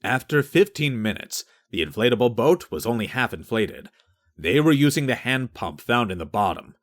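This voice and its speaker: A man narrating a science fiction audiobook in a steady storytelling manner. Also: mid-range voice, moderate pace.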